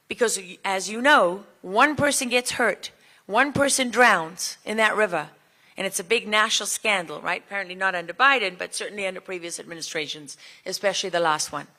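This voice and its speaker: A woman's voice: mid-range voice, fairly quick, pushed and bright. A woman giving an impassioned speech at a summit, firing rhetorical questions at the crowd. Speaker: speaker at a border summit.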